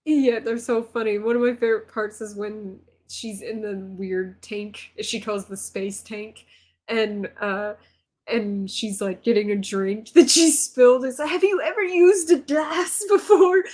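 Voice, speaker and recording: A woman's voice: mid-range voice, fairly even intonation, measured pace, a little mellow. A woman co-hosting a casual movie chat, laughing as she retells favorite scenes. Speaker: podcast co-host.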